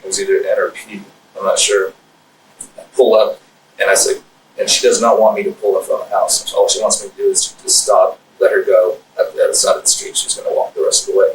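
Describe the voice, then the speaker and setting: Low-voiced guy stumbling through his story, lots of ums, mic far off in a roomy space. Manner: halting, hesitant, many fillers and restarts. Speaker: interviewee in police interview. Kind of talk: recorded police interrogation. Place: police interview room. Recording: echoey distant room mic with faint noise.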